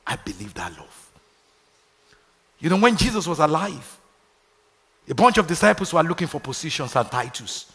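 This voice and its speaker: A man's voice: medium pitch, creaky, pushed and bright, husky, long reverb tail. A Nigerian man preaching a sermon, calling out to his congregation for responses. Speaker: pastor. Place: large church hall.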